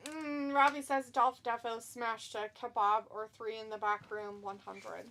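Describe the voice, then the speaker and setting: A woman's voice: fairly high pitch, flat delivery, measured pace, fairly bright tone. A woman hosting a live wrestling watch-along, chatty and giggly, reading chat messages aloud. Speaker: stream host. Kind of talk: casual watch-along commentary.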